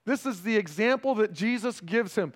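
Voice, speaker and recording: High-voiced man preaching a sermon. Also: animated. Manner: conversational preaching, keeps checking in with "right?"; swings between raised emphasis and hushed, slowed delivery. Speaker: pastor.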